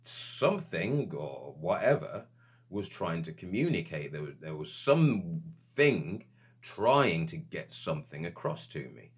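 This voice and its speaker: Guy with a super deep voice, telling his own story, lots of stops and restarts, earnest and searching. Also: big pitch swings, husky. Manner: hesitant, halting, with frequent restarts. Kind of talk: reflective personal account.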